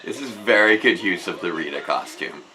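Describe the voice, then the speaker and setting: A man's voice: deep voice, expressive, normal speed, noisy background. A man hosting a casual live stream, chatting with enthusiasm and often restarting his sentences. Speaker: host.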